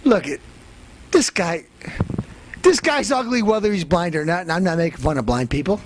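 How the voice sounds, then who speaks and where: A man playing a loud, boastful elder brother in a comedic character rant, ranting as guest host. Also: high voice, animated, normal speed, slight background noise, voice pushed down, rough recording. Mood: scornful.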